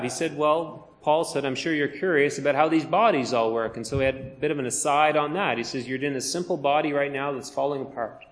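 A man preaching a sermon, slowing down and stressing the words when he quotes scripture. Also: medium pitch. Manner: emphatic, slows down to stress scripture.

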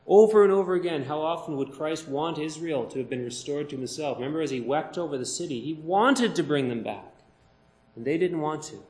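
A man preaching a sermon, slowing down and stressing the words when he quotes scripture. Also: fairly high pitch. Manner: emphatic, slows down to stress scripture.

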